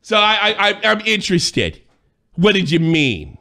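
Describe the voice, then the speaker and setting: An angry man in a profane, accusing rant, sometimes shouting. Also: on the high side, big pitch swings, normal speed. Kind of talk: heated rant.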